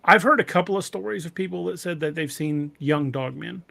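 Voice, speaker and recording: A man hosting a casual podcast conversation, halting and often restarting his sentences. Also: a little high, gravelly, bright, forceful tone, no echo. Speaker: podcast host.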